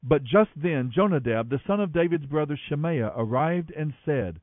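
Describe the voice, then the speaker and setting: Brief: male radio Bible narrator, animated storyteller, thin phone-like dry sound. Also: a little high, moderate pace, hardly any pauses, no echo. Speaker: Bible reader on a radio program. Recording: tinny phone-like radio line.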